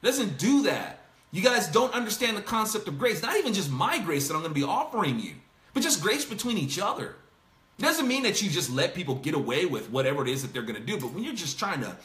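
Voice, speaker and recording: Animated man with a bright voice. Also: high-pitched, echoey room. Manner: animated, laughing, acts out quotes. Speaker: host. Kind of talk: casual Bible discussion.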